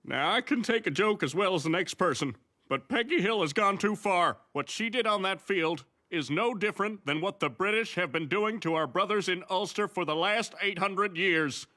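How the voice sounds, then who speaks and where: An actor playing an earnest, aggrieved middle-aged Irish-American man in an animated sitcom. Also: sits high, normal speed.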